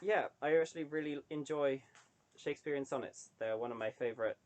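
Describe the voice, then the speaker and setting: A man's voice: fairly high pitch, a little fast, a little mellow. A young adult man chatting casually to camera, rambling with lots of ums and wry asides. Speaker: online creator reading poetry.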